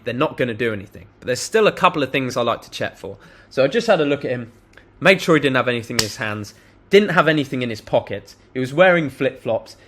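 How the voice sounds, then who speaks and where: A man's voice: medium pitch, a bit bright. A young man giving blunt, casual advice straight to camera, swearing freely as he tells a story. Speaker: self-improvement vlogger. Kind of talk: direct-to-camera advice monologue.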